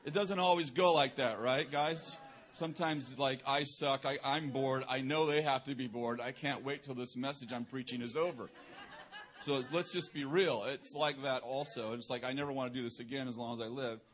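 A man's voice: medium pitch, normal speed, a bit bright. A man giving a sermon as a preacher, telling a personal story in a casual, joking way, laughing at himself and using lots of conversational fillers. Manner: humorous, self-deprecating, laughing through anecdotes.

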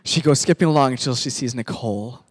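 A man's voice: medium pitch, fast, husky. A man from Pakistan, a pastor, animatedly narrating a sermon skit and directing volunteer actors.

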